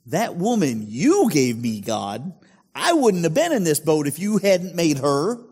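A man's voice: a little high, big pitch swings, measured pace, darkish tone, breathy edge, heavily acted. A man voicing the first man with a Southern accent, whining and shifting the blame. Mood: defensive.

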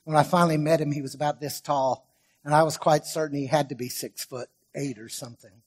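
Male pastor, higher register, emphatic sermon delivery with dynamic swings and slow stressed words. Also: steady tone. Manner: emphatic, swings from loud stresses to quiet asides; stretches key words slowly for weight.

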